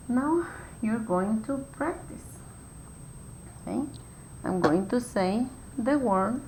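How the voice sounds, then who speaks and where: A woman teacher walks young children through a phonics lesson at an unhurried pace, spelling out each step with patient care. Her mid-range voice bounces around an echoey room, and a faint rumble sits underneath. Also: darkish tone. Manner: slow, clear, patient step-by-step instructions.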